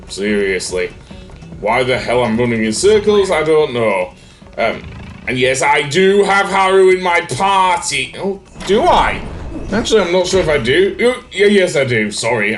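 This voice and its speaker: Male let's play host, mid-pitched, rambling casual commentary with frequent ums, faint game music under him. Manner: rambling, many fillers and self-corrections.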